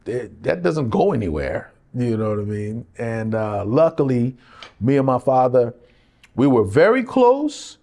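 A middle-aged actor speaks in a mid-range voice, a little slow and with vocal fry, during a candid interview. He tells stories conversationally, animatedly acting out other people's lines and laughing often.

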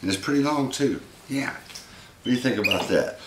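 A man's voice: medium pitch, moderate pace, reverberant, heavy background noise. A man casually unboxing fan mail and talking sweetly to his pet monkey. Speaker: pet vlogger.

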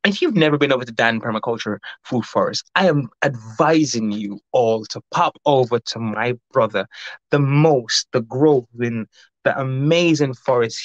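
A man hosting a casual livestream, reading out chat and greeting viewers by name, talking in a rambling, fast way. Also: medium pitch, no room sound. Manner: rambling, warm greetings, frequent laughs; fast-talking, says his mouth runs fast. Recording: dull lo-fi dry recording.

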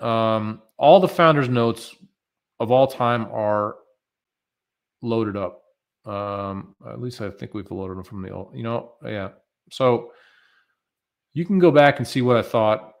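An American man presents a live webinar, answering viewer questions in a loose, conversational way packed with fillers. His voice is medium in pitch and slow.

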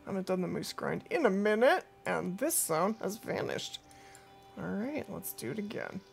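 Lively chatty woman streaming a game. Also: mid-range voice, moderate pace, creaky, soft background music. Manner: chatty, talks to viewers and her cat, laughs easily. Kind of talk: casual live-stream chat over gameplay. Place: at home.

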